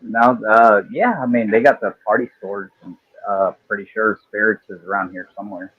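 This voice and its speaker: A man's voice: fairly low pitch, normal speed, slightly rough, no room sound. A man chatting on a live stream as a guest, laid-back and hesitant, often trailing off. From Detroit area, US. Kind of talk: casual chat. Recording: dull dry remote feed.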